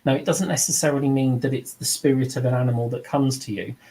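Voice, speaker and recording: A middle-aged man leads an informal spoken lesson on mediumship. His delivery is earnest and reflective, and his pitch sits in the middle range. He briefly takes on other voices when he quotes people. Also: fairly even intonation, fast, warm tone, low-quality recording. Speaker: mediumship teacher.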